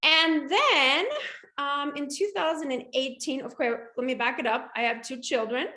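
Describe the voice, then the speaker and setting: A woman in her forties tells a personal story in a casual interview. Her voice is high and bright, and she jumps into character voices for the quotes. The room is echoey. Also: normal speed. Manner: animated, acts out quotes with big pitch jumps. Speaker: guest, shoe boutique owner.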